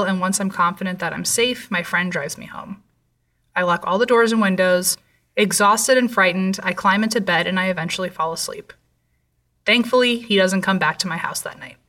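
A young woman tells a first-person story in a steady, measured voice. Her tone is bright and crisp, and her pitch is middling for a woman. She sits a little back from the microphone. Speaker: narrator. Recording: voice slightly distant from mic.

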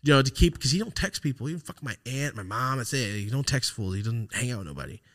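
A man's voice: medium pitch, animated, fast talker, a bit bright, no room sound, clean studio sound. A man hosting a podcast, telling a rambling personal story in casual, profane talk and acting out the texts he quotes. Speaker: podcast host.

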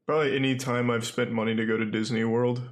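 Male co-host, casual chat, blunt and dismissive, mid pitch. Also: little pitch movement, fast talker. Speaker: podcast co-host.

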